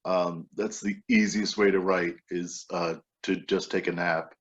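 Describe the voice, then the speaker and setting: A man reading his own poems aloud with relaxed, wry asides between them, heard over a video call. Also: sits low, measured pace. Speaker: poet reading his work. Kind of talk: poetry reading. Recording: dull lo-fi video-call audio.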